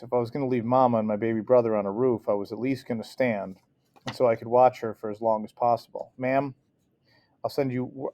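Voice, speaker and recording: Man reading a novel aloud with slips. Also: on the low side. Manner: unpolished reading with restarts and slips. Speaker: audiobook reader.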